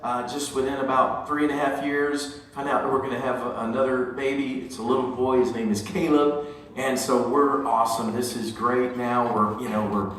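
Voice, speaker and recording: A middle-aged singer-songwriter telling an animated, joking story to a concert audience between songs. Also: male voice, medium pitch, slight background noise. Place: theater stage. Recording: echoey hall recording from far off.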